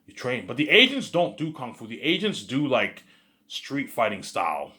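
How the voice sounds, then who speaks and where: A man's voice: medium pitch, very animated, moderate pace, bright, forceful tone. A man talking in a rambling monologue, full of repeated words and filler phrases. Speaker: vlogger.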